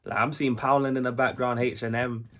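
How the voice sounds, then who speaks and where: A young British man hosting a reaction video, talking in an excitable, chatty way with lots of restarts. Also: mid-range voice, brisk, a little hiss or hum. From United Kingdom. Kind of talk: casual reaction commentary. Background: faint music from the video he is reacting to.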